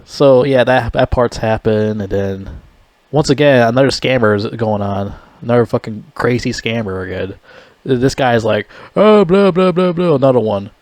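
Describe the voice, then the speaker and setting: A man's voice: mid-range voice, normal speed, a little mellow, no room sound. Rambling, foul-mouthed man reviewing a movie. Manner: rambling, heavily profane, blunt.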